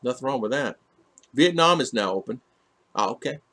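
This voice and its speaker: A man's voice: mid-range voice, animated, moderate pace, pushed and bright. Rambling man reading live chat. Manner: rambling, many fillers and restarts. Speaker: livestream host reading chat. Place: home in the Philippines.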